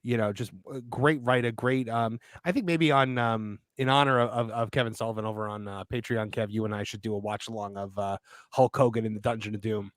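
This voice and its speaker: A man's voice: on the low side, steady tone, fairly quick, no room sound, clean studio sound. Easygoing man on a wrestling panel. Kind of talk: casual chat.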